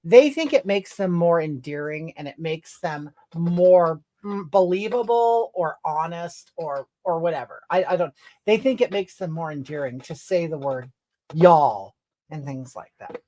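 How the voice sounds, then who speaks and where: A woman with a deep, mellow voice speaks expressively and a little slowly while playing a livestream comedy character. The character is a brash, touchy middle-aged streamer who reads comments aloud and answers them in a sassy, rambling style, with "okay?" and "honey" tagged on.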